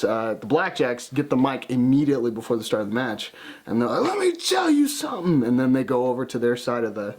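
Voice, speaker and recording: A man's voice: medium pitch, darkish tone. A man co-hosting a casual chat, laughing often and swearing as he acts out quotes. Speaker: podcast co-host. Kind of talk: casual chat recapping wrestling.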